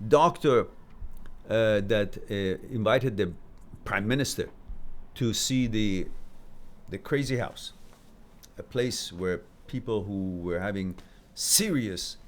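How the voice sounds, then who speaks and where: A man hosting a live stream, telling stories and giving advice in a casual, animated way, jumping from loud emphasis to quiet asides. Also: lowish voice, slow pace, long pauses.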